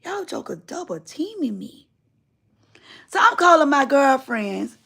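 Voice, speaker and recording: Woman, middle-aged, high-pitched, live stream host, casual storytelling, emphatic. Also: unhurried, vocal fry. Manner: animated, colloquial, emphatic.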